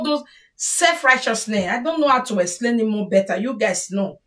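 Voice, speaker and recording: Nigerian woman vlogger, high-pitched, talks straight to viewers in a scolding, advice-giving tone. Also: moderate pace, recorded from a distance. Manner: lecturing, scolding, mixing pidgin. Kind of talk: casual advice monologue. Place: home.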